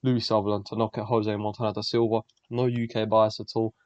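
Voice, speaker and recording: A man's voice: lowish voice, flat delivery, fairly quick, a little mellow, no echo. A young man, the host, giving blunt, profane, rambling fight predictions in casual solo commentary. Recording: dull lo-fi dry recording.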